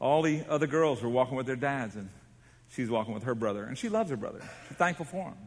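A man's voice: mid-range voice, animated, fast. Preaching man in an echoing hall. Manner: dramatic storytelling, swings from hushed to shouting. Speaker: pastor. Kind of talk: sermon. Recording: long reverb of a large hall.

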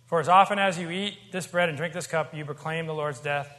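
A man's voice: fairly high pitch, a little fast, fairly bright tone. A man preaching a sermon as pastor, conversational and emphatic, with joking asides. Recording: long hall reverb.

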